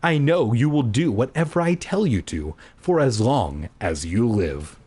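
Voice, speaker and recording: A man's voice: medium pitch, lively intonation, a little slow, a little mellow, breathy edge. A man voicing a smug, creepy young man who talks in a bossy, rambling way.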